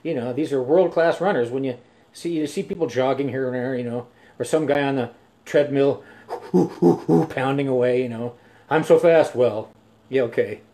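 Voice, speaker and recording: A man's voice: medium pitch, warm tone. An older man, a musician hosting his own live stream, telling rambling stories between songs with many restarts and fillers. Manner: halting, full of restarts and fillers.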